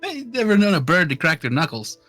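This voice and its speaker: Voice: mid-range voice, fairly quick, faint music behind. A player in casual chat, swearing freely as they react. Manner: swears casually, very lively intonation.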